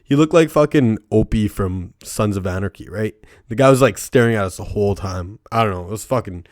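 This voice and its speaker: A man's voice: lowish voice, brisk, darkish tone, no echo, clean studio sound. A young man hosting his own podcast, rambling casually with heavy swearing, lots of "like" and "right?", and laughing at his own stories. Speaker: podcast host. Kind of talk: casual solo podcast monologue.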